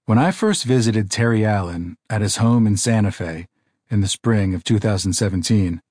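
Low-voiced man reading an audiobook. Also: a little mellow, dry recording, studio quality. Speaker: audiobook narrator. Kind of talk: scripted audiobook narration.

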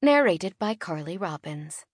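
A woman's voice: on the low side, sing-song, measured pace, slightly rough, dry recording. A woman narrating a first-person audiobook in a tense, dramatic style, recorded close in a studio. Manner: tense, dramatic storytelling with hushed drops. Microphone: close studio mic.

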